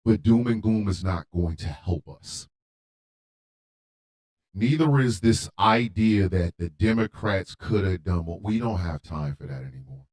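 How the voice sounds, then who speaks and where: A man hosting a radio show, delivering a heated monologue with emphatic repetition and occasional shouting. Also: low-pitched, lively intonation, measured pace. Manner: emphatic, repeats lines for force; rants, at times shouting.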